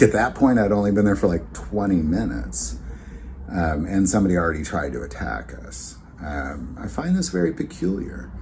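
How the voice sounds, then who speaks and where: A man's voice: low voice, darkish tone, a little hiss or hum. A man hosting his own vlog, telling a story in a rambling, conversational way with many fillers and restarts. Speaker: channel host.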